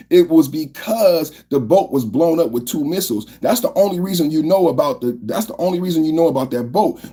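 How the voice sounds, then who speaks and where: A man's voice: high voice, mellow, breathy edge. A male podcast host doing political commentary, firing off repeated rhetorical questions and often asking viewers to like the video. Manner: repetitive, fired-up rhetorical questions.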